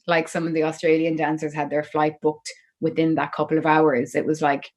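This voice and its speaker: A woman's voice: deep voice, level tone, moderate pace, low-quality recording. A young Irish woman, a musician guest on a podcast, telling her story in a chatty way full of "like" and "you know". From Ireland. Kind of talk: podcast interview.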